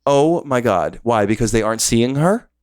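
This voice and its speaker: A man's voice: medium pitch, animated, moderate pace, darkish tone, clear, resonant tone, dry recording. A man co-hosting a podcast in casual chat, reacting eagerly to gossip. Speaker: podcast co-host.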